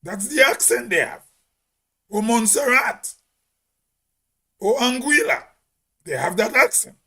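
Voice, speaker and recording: A man with a Grenadian accent giving an emphatic opinion monologue as host, with a big, loud voice and rhetorical questions. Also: very high voice, animated, slow, vocal fry.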